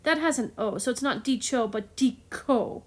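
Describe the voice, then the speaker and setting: A woman's voice: fairly high pitch, animated, brisk, noisy background. A woman giving a casual lesson on chant, enthusiastic and playful, chatty with fillers and small laughs. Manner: enthusiastic, playful, self-described geek. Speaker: chant teacher.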